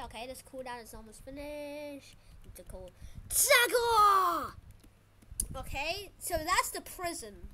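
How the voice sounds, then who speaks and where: Woman gaming host, casual play-by-play, trash-talks opponents, unhurried delivery with a bright tone, faint noise behind. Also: sits high. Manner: excitable, trash-talking opponents. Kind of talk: casual gameplay commentary.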